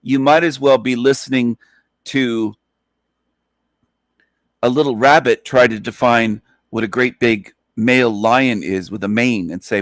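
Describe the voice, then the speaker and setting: A man's voice: medium pitch, measured pace, dry recording, clean studio sound. A man hosting an online radio show, ranting in an emphatic, profane, repetitive monologue. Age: adult, past twenties.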